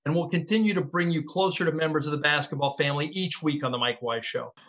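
Man, host, slightly high, bright tone, upbeat outro. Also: fast talker, highs cut off. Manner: upbeat, wry closing remarks. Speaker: podcast host. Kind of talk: show sign-off.

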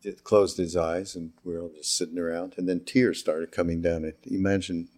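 An older man from Canada with a deep, low voice tells stories in a relaxed conversation. He acts out the quotes in his anecdotes and often breaks into laughter. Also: a little fast. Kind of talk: casual storytelling conversation.

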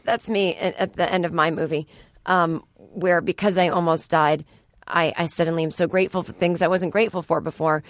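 A fairly low-pitched woman's voice, steady in tone and a little fast, comes through a studio microphone with no echo. As host of a casual solo podcast, she rambles and throws in sarcastic asides.

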